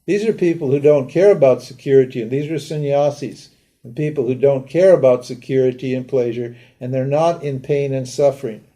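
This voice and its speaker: A man's voice: mid-range voice, fairly quick, mellow. An older man teaching a live lecture in a conversational way, asking rhetorical questions and acting out pleading prayers. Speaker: Vedanta teacher.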